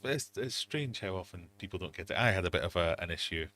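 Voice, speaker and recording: A middle-aged man hosts a relaxed livestream from his fish room. His voice sits very low, and he tells long, self-mocking stories. A faint hum runs underneath. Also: quick pace. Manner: rambling, self-mocking storytelling with quoted asides. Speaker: livestream host. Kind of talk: casual livestream chat.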